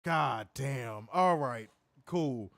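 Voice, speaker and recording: A man's voice: medium pitch, lively intonation, very slow, creaky, fairly bright tone, no echo, studio quality. A man co-hosting a live wrestling review stream, casual and profane, laughing often and reading viewer comments aloud. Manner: reads viewer super chats aloud. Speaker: wrestling show co-host.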